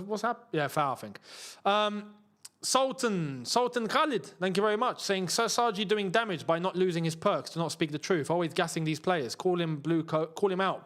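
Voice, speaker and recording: A young man hosting a live football watchalong, chatting and reading out viewer comments. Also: on the high side. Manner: chatty, reads out viewer comments, bursts into emotional shouts. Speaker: football channel host.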